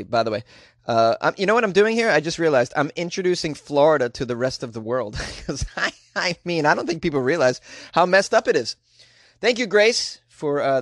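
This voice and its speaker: A man's voice: fairly high pitch, no echo, clean studio sound. A man hosting a comedic news podcast, joking and rambling in a self-deprecating way. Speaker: podcast host.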